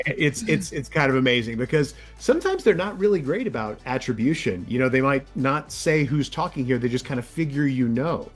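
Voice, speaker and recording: A male voice actor and audiobook narrator chatting as an interview guest, lively and demonstrative, often sliding his pitch way up or down to show off different voices. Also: fairly quick, few pauses, faint music behind. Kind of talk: casual interview chat.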